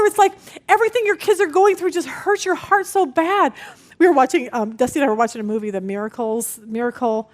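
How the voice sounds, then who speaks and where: High-voiced woman teaching Bible study. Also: fast. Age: middle-aged. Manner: expressive storytelling, acts out family voices.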